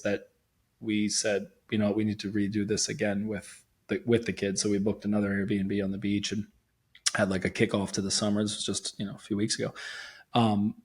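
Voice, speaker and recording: A man's voice: lowish voice, breathy edge. Guy hosting a podcast, easygoing, jokes around, lots of "right" and laughing. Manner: relaxed, jokey, laughs often, quick affirmations. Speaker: podcast host. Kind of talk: casual conversation.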